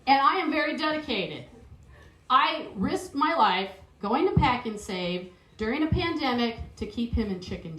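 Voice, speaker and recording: Middle-aged woman, New Zealand accent, stand-up comic, fairly high voice, echoey live room. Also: fairly bright tone, a little hiss or hum. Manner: chatty, self-mocking, laughs at own jokes. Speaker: stand-up comedian. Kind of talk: stand-up comedy set. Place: stage at a live improv show. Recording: roomy live venue sound.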